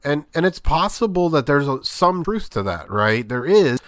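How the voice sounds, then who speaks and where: A man hosts a sports podcast, delivering a casual commentary monologue that rambles through his opinions with plenty of fillers. His voice is on the high side and very animated, at a normal speed, recorded in studio quality with no room sound.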